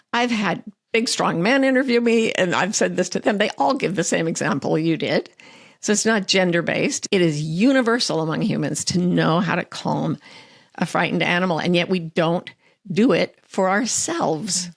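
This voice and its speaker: Gravelly, lower-voiced woman guest. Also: normal speed, no room sound, clean studio sound. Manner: earnest, animated storytelling with quoted self-talk. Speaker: author and life coach, guest. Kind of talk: interview conversation.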